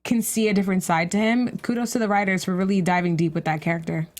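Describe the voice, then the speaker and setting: A woman's voice: mid-range voice, steady tone, quick pace. A woman co-hosting a casual TV recap chat, chatty and given to acting out what the characters are thinking. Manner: chatty, acts out characters' thoughts in quotes. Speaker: co-host.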